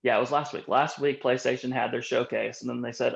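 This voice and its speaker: A man's voice: medium pitch, steady tone, a little fast, vocal fry, hardly any pauses. Laid-back man hosting a podcast. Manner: laid-back, chatty storyteller. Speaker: podcast host. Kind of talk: casual chat. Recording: dull lo-fi audio.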